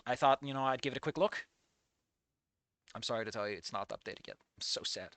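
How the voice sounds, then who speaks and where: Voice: mid-range voice, brisk, fairly bright tone. A fanfic reader reading aloud with casual, profane, jokey asides and live commentary.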